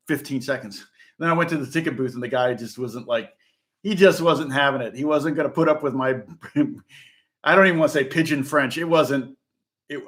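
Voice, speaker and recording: A man's voice: fairly high pitch, a bit bright. A middle-aged man from the United States, a guitar teacher talking in a rambling, casual way with frequent laughs and restarts. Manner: rambling, chatty, laughs often, many restarts. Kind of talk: casual live-stream chat.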